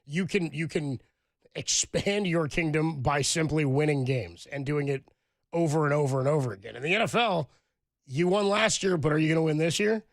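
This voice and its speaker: A man's voice: fairly high pitch, normal speed, gravelly, no room sound, clean studio sound. A man co-hosting a sports radio show, chatting in a loose, joking way. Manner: laughs often, loose and joking. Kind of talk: casual sports talk.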